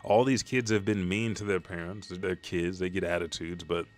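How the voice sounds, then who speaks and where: A man hosting a live manga chapter reaction, recapping scenes in a profane, excitable way and acting out the characters' lines. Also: sits low, normal speed.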